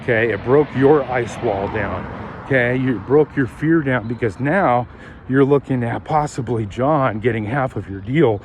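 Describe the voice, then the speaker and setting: A man who manages car sales, coaching on a walk and acting out phone calls in lively bursts. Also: medium pitch, noisy background. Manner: animated, acts out phone calls in quick bursts. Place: outdoors while walking.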